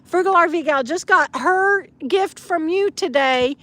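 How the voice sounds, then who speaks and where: A woman chatting casually on a live stream, reading viewer comments aloud with many pauses and fillers, outdoors at a camp. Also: very high-pitched, a bit bright, no echo. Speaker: vlogger answering live chat.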